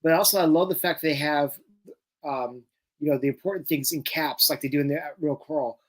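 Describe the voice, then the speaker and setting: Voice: mid-range voice, fairly quick. A co-host chatting casually and enthusiastically during a live watch-along. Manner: chatty, enthusiastic fan banter. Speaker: podcast co-host.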